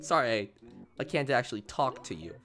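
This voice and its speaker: A man doing let's play commentary in a mocking, sarcastic way, breaking into laughter often. His voice sits mid-pitch but swings widely up and down. Faint game music runs behind him. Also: sing-song, fairly quick, a bit bright. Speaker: gaming streamer.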